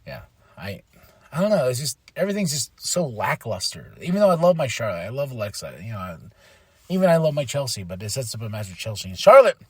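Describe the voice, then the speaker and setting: A podcast host talks fast with a breathy edge on a dry recording, recapping a wrestling show in casual chat. Animated and exasperated, he mimics people's reactions, his voice jumping up high when he does.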